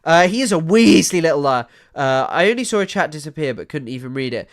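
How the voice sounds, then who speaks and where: A young man doing casual live-stream commentary, animated and sweary, often trailing off into mumbles. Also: fairly high pitch, brisk. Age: young adult. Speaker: streamer reacting to news clips.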